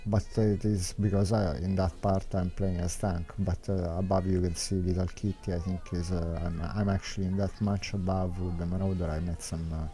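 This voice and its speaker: A man's voice: deep voice, level tone, normal speed, hardly any pauses, dark tone, faint music behind. A young man giving unscripted, meandering strategy commentary over gameplay footage, thinking aloud as he explains. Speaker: game strategy guide maker.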